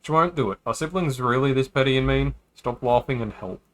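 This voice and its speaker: A man's voice: mid-range voice, a little fast. A man streaming a game who reads its dialogue aloud in a casual way, breaking off for joking asides. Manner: casual, joking asides between read lines. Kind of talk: reading visual novel dialogue aloud on a stream.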